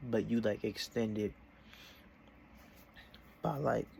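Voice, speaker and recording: A man's voice: medium pitch, moderate pace, darkish tone, slight background noise. A young man in a casual vlog, talking from his desk in a meandering, self-interrupting way. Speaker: vlogger.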